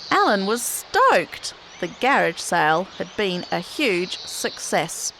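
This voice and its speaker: A woman reading a children's story aloud for a classroom podcast, in an expressive, clearly paced storytelling manner. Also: mid-range voice, slow. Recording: noticeable background noise.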